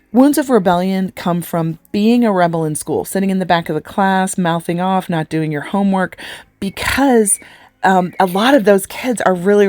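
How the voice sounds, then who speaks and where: A woman's voice: fairly low pitch, darkish tone, dry recording. A woman life coach giving an earnest live coaching talk, asking many rhetorical questions and getting emotional.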